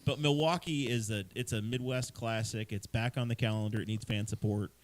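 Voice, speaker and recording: A man's voice: lowish voice, steady tone, fairly quick, a little hiss or hum. A man hosting a casual podcast chat, easygoing and chatty. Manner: easygoing, chatty, brief reactions. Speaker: podcast host.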